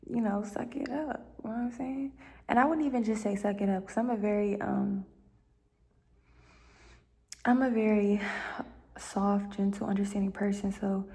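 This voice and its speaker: Soft-spoken woman with a gravelly voice. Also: medium pitch. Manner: rambling, many fillers, slips into whispers. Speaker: vlogger giving life advice. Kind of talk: casual heartfelt monologue. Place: at home.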